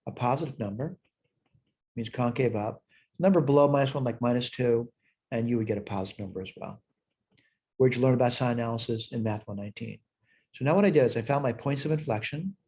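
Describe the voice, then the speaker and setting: A man's warm, mid-range voice moves at a quick pace as he teaches a recorded math lesson. Standing at a whiteboard with his screen shared, he reasons aloud through each problem step by step.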